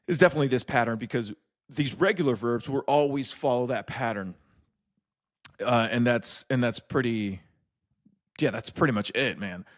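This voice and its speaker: Young guy teaching spanish verbs, super casual, jokey, says uh a lot, middle pitch. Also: a bit bright. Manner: loose, joking, many restarts and fillers. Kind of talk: casual video lesson.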